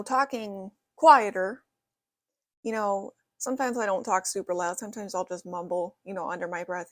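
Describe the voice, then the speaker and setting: Young woman vlogger, mid pitch, loose rambling delivery, dry close recording. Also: no echo. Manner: rambling with many "you know" fillers. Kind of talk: casual vlog talk to camera. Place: her bedroom.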